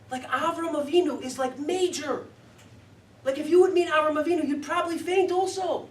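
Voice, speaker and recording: Animated, high-voiced rabbi in an echoey hall. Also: male voice, a little fast. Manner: animated, emphatic, says "like" often. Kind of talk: Torah lecture. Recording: echoey room, distant mic.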